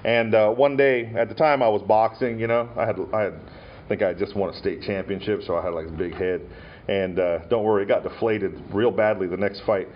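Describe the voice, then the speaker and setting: A man's voice: lowish voice, fairly even intonation, fairly quick. A male pastor from Montana preaching a sermon in a church, telling stories with frequent fillers and restarts. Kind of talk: sermon at an ordination ceremony. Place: church sanctuary. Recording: dull lo-fi church recording.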